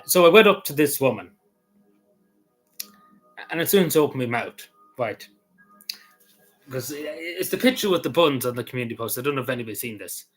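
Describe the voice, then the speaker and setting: An Irish man with a Cavan accent talks in a loose, rambling vlog style. He jokes as he goes, stumbles over restarts and fills the gaps with ums and uhs. His voice sits at an ordinary middle pitch. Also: fairly bright tone, breathy edge, rough recording. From Ireland. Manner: meandering, joking, many fillers and restarts. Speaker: vlogger. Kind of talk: casual rambling chat.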